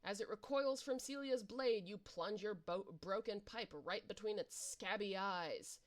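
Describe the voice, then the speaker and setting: A woman's voice: mid-range voice, a little slow. Playful woman narrating a webcomic aloud. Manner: animated, playful, reacting with laughs. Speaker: reader and narrator. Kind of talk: playing through a webcomic aloud, informal.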